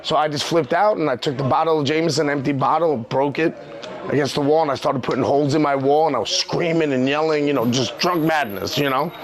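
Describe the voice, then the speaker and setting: A man's voice: on the high side, a little fast, crowd noise. A New man in his thirties, a professional wrestler guest, tells his own story with open emotion. His voice sits a little above the usual male range. He rambles and circles back, filling his talk with "you know what I mean". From New York. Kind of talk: candid personal storytelling.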